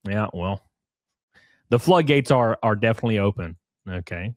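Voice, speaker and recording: A man's voice: on the low side, animated, normal speed, no echo, clean studio sound. A man giving casual, profane commentary as host, reading messages aloud and mocking their subject with sarcasm and laughter.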